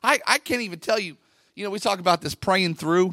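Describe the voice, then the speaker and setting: A middle-aged male pastor preaching a Pentecostal sermon into a microphone in a church, talking conversationally and then swelling into loud, fervent bursts. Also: high voice, big pitch swings, fairly quick, no echo, clean studio sound. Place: church sanctuary. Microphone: handheld microphone at the pulpit.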